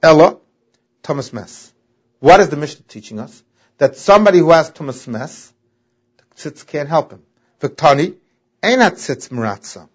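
A man's voice: fairly high pitch, big pitch swings, normal speed, long pauses, slightly rough. A man teaching a Talmud lesson, reading the text and explaining it in a sing-song way that stresses key words. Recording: dull lo-fi audio.

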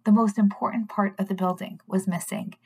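Woman, Torah teacher; earnest, measured delivery, reads then translates text. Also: medium pitch, fairly even intonation, a little mellow, husky. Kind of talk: recorded scripture lesson.

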